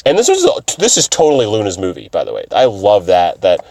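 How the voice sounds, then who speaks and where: A man's voice: lowish voice, wildly swooping pitch, fairly quick, vocal fry, darkish tone, no echo, clean studio sound. A man hosting a podcast, rambling casually with lots of fillers and swearing. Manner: profane, rambling, full of fillers. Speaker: podcast host.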